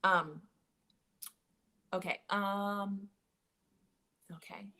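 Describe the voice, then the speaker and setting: A woman's voice: medium pitch, fairly even intonation, extremely slow, pushed and bright. A woman in her late thirties hosting a casual livestream chat from home, rambling and easily sidetracked. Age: late 30s. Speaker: podcast host.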